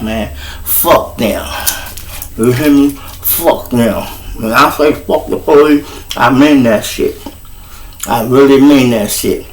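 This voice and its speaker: Profane storyteller, mid-pitched man. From Chicago. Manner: profane, boastful, talks straight to the audience. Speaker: show host. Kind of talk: casual storytelling.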